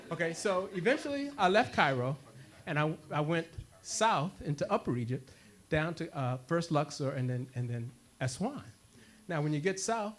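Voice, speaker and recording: Animated man telling a story to a congregation. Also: sits high. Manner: animated, laughing, acts out dialogue. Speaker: worship speaker.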